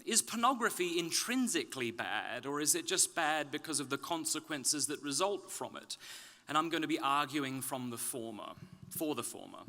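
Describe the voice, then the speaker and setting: Bright-voiced Australian man giving a talk. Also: a little high. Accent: Australian, softened toward British. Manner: wry, self-deprecating humor. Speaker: conference speaker. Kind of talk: public talk. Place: conference stage.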